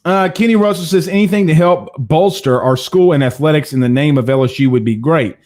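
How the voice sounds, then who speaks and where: A man with a slightly high voice, speaking a little fast, hosts a live sports talk show. Animated and emphatic, he reads viewer comments, addresses viewers directly, and hammers his points with repeated phrases.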